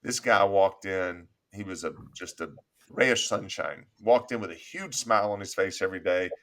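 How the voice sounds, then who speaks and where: Man, very deep voice, podcast host, animated storyteller. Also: normal speed. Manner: animated anecdote-telling with laughs. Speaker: podcast host, agency owner. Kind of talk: storytelling in casual interview. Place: office studio.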